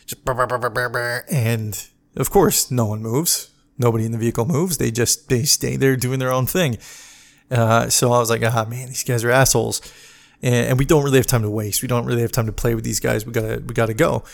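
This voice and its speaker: A man's voice: medium pitch, steady tone, a little fast, creaky. A man ranting in a casual podcast monologue, swearing freely and exasperated, sometimes mocking other people in put-on voices. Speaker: podcast host, medic.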